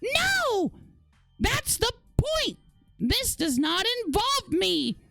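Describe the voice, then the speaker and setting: A man putting on a shrill flustered commenter woman. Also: wildly swooping pitch, extremely slow, gravelly, sharp tone, no echo, faint music behind, exaggerated voice. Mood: whiny. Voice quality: mocking high falsetto.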